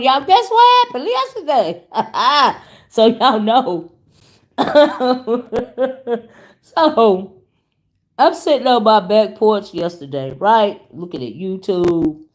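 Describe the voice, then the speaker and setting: A woman, chatting animatedly to her viewers as she tells a story on her vlog. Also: on the low side. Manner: animated, chatty, calls audience "y'all" and "child". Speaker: YouTube commentary host. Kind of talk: casual storytelling chat.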